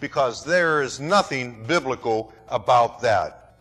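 A pastor preaching a sermon, dramatic and rhetorical, who acts out other people's words. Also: male voice, medium pitch, animated, slow, fairly bright tone, soft background music. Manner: dramatic, rhetorical, mimics voices.

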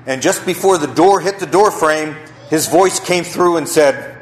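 A man's voice: on the high side, measured pace, few pauses. A man preaching a sermon as pastor, telling a story and asking the congregation rhetorical questions.

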